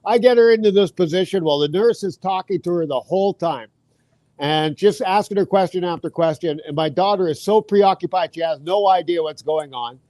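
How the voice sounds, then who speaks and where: Middle-aged man, high voice, dry close mic, animated storyteller. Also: fairly quick, no echo. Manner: animated anecdote with acted quotes and laughs. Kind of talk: casual storytelling.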